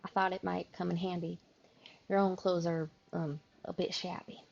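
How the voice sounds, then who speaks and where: A woman's voice: lowish voice, little pitch movement, moderate pace, creaky, darkish tone, dull audio, faint music behind. A woman voicing a lonely young woman gravedigger who is shy and eager to please.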